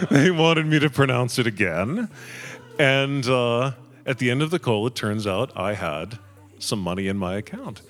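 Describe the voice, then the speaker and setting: A man spinning a true story at a live storytelling night, his voice of middling pitch but swinging expressively up and down. He chuckles at his own tale as he goes, unhurried and conversational on a stage mic. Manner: lively, self-amused, chuckles through lines. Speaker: audience storyteller.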